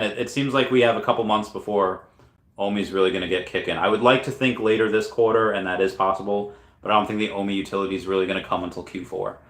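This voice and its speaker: A man with a lowish voice talks casually on a livestream, drifting between thoughts and stopping to correct himself. The room around him is noticeably echoey. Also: a bit bright. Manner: rambling, self-correcting, thinking aloud. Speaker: channel host answering chat questions. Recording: roomy echo.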